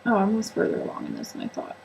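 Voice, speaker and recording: Chatty, rambling woman with a creaky voice. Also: mid-range voice, wildly swooping pitch, rapid-fire, darkish tone, slight background noise, low-quality recording. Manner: chatty, rambling, self-mocking, many fillers. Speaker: book and sewing vlogger. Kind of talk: casual solo vlog chat.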